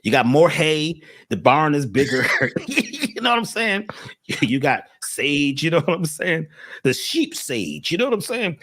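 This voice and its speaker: Husky, animated man telling stories. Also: on the high side, unhurried. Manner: animated storyteller, acts out quoted people. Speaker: guest. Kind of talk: animated spiritual talk.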